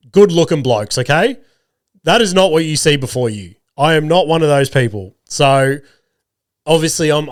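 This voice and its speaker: An Australian man in his thirties hosts a podcast while sick, his voice rough, telling stories in a casual monologue that's sweary and self-deprecating. His pitch is fairly high, and the recording is clean studio sound with no room echo.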